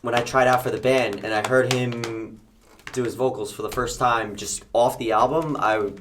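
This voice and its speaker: A man's voice: mid-range voice, steady tone, moderate pace, noisy background. A man in a band chatting on a podcast, enthusiastic and brief. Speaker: band member. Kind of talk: casual podcast chat.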